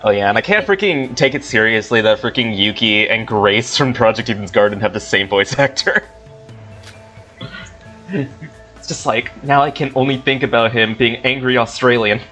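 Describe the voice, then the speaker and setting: A man's voice: medium pitch, moderate pace, sharp tone, faint music behind. A young man hosting a casual game playthrough, rambling with lots of fillers and laughter. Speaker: let's play host.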